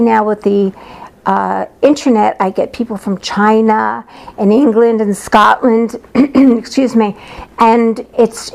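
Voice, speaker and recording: A woman's voice: a little high, gravelly, darkish tone. A woman psychic telling stories about her work in a lighthearted, blunt manner, acting out the voices of the people she quotes. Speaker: psychic medium. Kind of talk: casual storytelling monologue.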